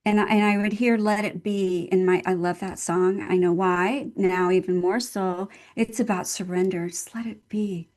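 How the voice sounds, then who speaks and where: A woman's voice: fairly low pitch, fairly even intonation, moderate pace, few pauses, a little mellow. An older woman, a nurse and guest speaker, telling a personal story in an interview in an earnest, heartfelt way, leaning on repeated phrases for emphasis. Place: at home in Texas.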